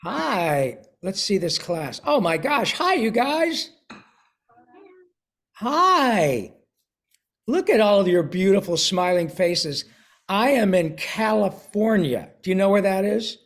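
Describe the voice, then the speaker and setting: Slowly and in a sing-song, high voice, an older man, a voice actor, reads a picture book to children over video and chats with them. He clears his throat from time to time.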